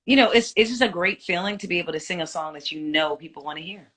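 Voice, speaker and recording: A woman's voice: fairly low pitch, fast talker, a bit bright. A woman in her forties, a singer, chatting reflectively in an interview with many fillers. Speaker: singer guest. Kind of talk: casual interview chat.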